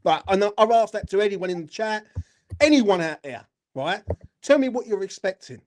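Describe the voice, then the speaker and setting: A man's voice: high voice, lively intonation, moderate pace, darkish tone. A man, hosting a fan channel, ranting furiously after a match, swearing and repeating "do you know what I mean". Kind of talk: angry post-match rant.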